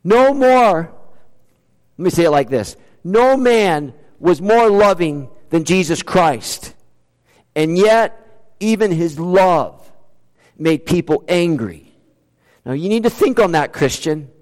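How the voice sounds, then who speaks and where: Preacher guy, kinda high voice, lots of rhetorical questions, big ups and downs, echoey hall. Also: slow, pauses often. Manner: animated preaching with rhetorical questions and sudden swings in pitch and loudness. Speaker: pastor. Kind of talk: sermon. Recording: long hall reverb.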